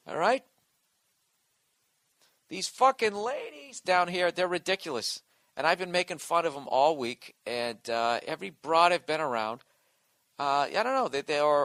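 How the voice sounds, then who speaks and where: A man rants through a comedic monologue, swearing and sarcastic with exasperated energy. His voice sits a bit high and has a bright, forceful edge. The recording is dry and close. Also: no echo. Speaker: comedian and podcast host.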